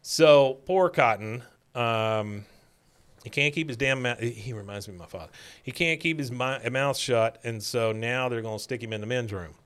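A man's voice: mid-range voice, moderate pace, a bit bright, clean tone. A man co-hosting a podcast, casually retelling an episode in a rambling, filler-heavy way. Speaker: podcast co-host.

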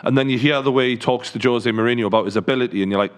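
A man's voice: mid-range voice, very fast, slight background noise. A man co-hosting a football podcast, blunt and jokey, swearing freely in casual banter. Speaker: podcast co-host, football fan.

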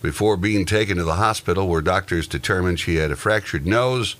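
Very low-voiced man reading odd news. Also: brisk, a bit bright. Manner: reads odd news items then jokes about them. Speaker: podcast news host. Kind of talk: casual news chat.

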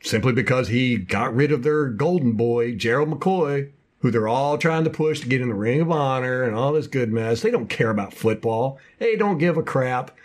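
A man co-hosting a casual sports podcast, ranting passionately in fast bursts about his local team. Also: mid-range voice, expressive. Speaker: podcast co-host.

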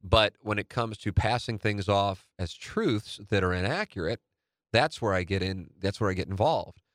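A man's voice: fairly low pitch, normal speed, fairly bright tone, dry recording, studio quality. A man hosting a radio podcast, talking in a casual, rambling monologue. He is blunt, swears now and then, and often restarts his sentences. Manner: rambling, with frequent restarts and stammers.

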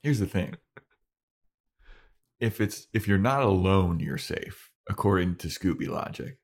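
Animated young man, lively swooping voice. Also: low voice, creaky. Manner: animated, acts out characters' lines in quick voices. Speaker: podcast co-host. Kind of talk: casual chat recapping a show.

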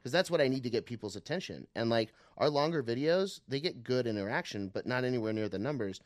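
Animated man on a comedy podcast. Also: medium pitch, no room sound. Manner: animated, laughs often, quotes others in quick voices. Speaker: podcast co-host. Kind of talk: casual comedy podcast chat.

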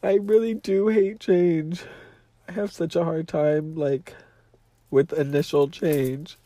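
A man's voice: on the high side, fairly even intonation, slow pace, mellow. A man hosting a podcast in a casual monologue, nasal and teary from crying, talking in a profane, dramatic and emotional way. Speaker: podcast host.

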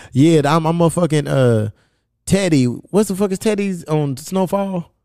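A man's voice: fairly high pitch, slow pace, warm tone, no echo, clean studio sound. A man hosting a podcast in casual chat, telling stories bluntly and cursing constantly. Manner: blunt, profane storytelling. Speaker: podcast host.

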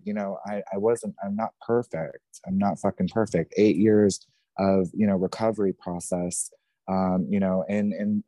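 A man in his thirties with a very low, dark voice tells a painful personal story as a podcast guest. He talks in a raw, intense way, swears freely and repeats himself. The sound is close and dry. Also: no echo. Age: 30s.

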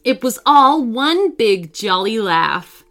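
A woman reading a children's bedtime story aloud in a gentle, expressive way. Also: fairly high pitch, slow. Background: soft music.

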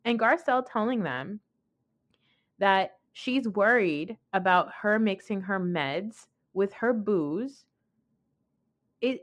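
A young adult woman hosts a podcast and talks through a recap in a loose, conversational way. She is opinionated and blunt, with a mid-range voice, and swears freely. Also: mid-range voice. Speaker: podcast host. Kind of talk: casual recap commentary.

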